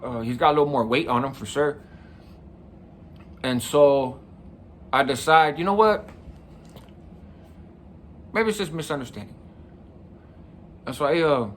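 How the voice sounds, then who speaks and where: A man's voice: on the high side, unhurried, pauses often, a bit bright, slight background noise. Middle-aged man telling a story casually. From San Mateo County, California. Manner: casual, conversational, often adds "right?". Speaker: podcast host. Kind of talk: personal storytelling.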